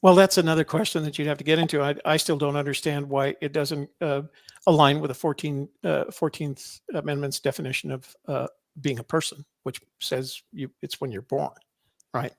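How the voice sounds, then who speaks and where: A man's voice: on the high side, steady tone, moderate pace, creaky, no room sound, clean studio sound. A man co-hosting a podcast, talking casually and rambling, often correcting himself. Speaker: podcast co-host. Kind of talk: casual political chat.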